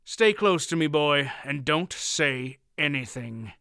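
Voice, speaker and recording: A man's voice: a little high, animated, takes it slowly, creaky, clean tone, no echo, studio quality, full character voice. Audiobook: a man voicing a shrewd old man posing as a doddering, wheezy fool. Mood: guarded. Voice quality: wheezy, cracking cackle. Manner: quiet and terse, then doddering. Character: old male storyteller feigning feeble senility.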